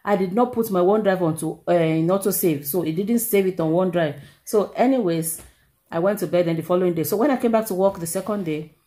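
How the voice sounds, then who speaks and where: A middle-aged Nigerian woman vlogging, telling a personal story in an animated, exclamatory way and repeating herself for emphasis. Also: on the low side, quick pace. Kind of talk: casual storytelling to camera.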